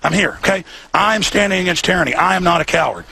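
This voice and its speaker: A radio talk show host giving fiery, repetitive live commentary outdoors near a hotel. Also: male voice, sits high, lively intonation, fast talker, gravelly, bright, forceful tone, breathy edge. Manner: fiery, repetitive, ranting delivery.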